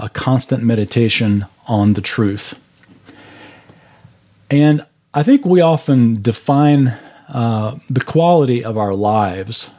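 A man's voice: medium pitch, dark tone. A man leading a Bible study class over a video call, explaining scripture verse by verse in an earnest way.

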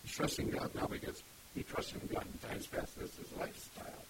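A man preaching an expository sermon, reading scripture aloud and stopping to explain the words. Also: a little fast. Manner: emphatic, reads scripture aloud and stops to explain. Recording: loud background hiss. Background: steady hiss.

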